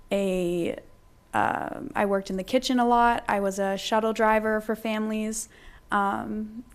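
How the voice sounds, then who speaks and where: A teenage girl speaks at a school committee meeting, reading out a heartfelt reflection. Her pitch stays flat and even, and she fills pauses with frequent ums. Her delivery is earnest and a little halting. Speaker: high school student speaker. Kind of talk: prepared reflection at a public meeting.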